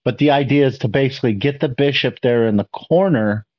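A man's voice: mid-range voice, brisk, muffled recording. Man explaining chess moves to viewers. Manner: explains step by step and keeps asking viewers questions. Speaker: chess video host reacting to a lesson. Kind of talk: casual commentary to viewers.

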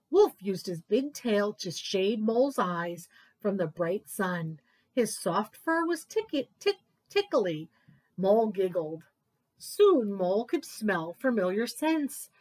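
A woman librarian reading picture books aloud to children at story time, expressive and sing-song. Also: mid-range voice, takes it slowly.

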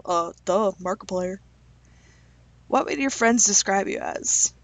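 A young woman reading quiz questions aloud and answering them with quick, self-deprecating jokes in a casual vlog. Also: medium pitch, no echo. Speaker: YouTuber taking online quizzes.

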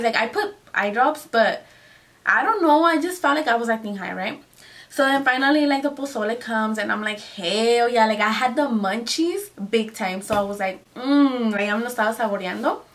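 Chatty young woman, slightly high voice. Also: a bit bright, distant mic. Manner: chatty, lots of "like" and "you guys", code-switches into Spanish. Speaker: vlogger. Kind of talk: casual storytime chat.

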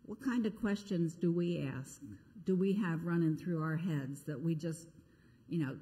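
Woman pastor, chatty sermon storyteller, darker lowish voice, church reverb. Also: measured pace, mellow. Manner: conversational, self-deprecating storytelling. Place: church sanctuary. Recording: echoey church sanctuary.

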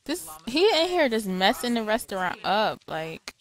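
A woman's voice: fairly high pitch, big pitch swings, normal speed, low-quality recording. A woman hosting a let's-play, giving casual game commentary in an exasperated, chatty, profane way.

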